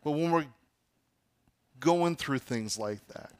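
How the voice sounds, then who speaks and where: A man preaching a sermon as pastor, swinging from loud declamation to hushed whispers. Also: on the high side, lively intonation, slow.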